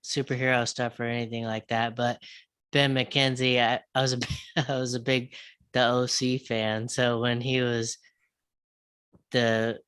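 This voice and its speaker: A man's voice: mid-range voice, level tone, a little slow, fairly bright tone, clean tone, dry recording. A man in casual podcast chat, hesitant and searching for his words.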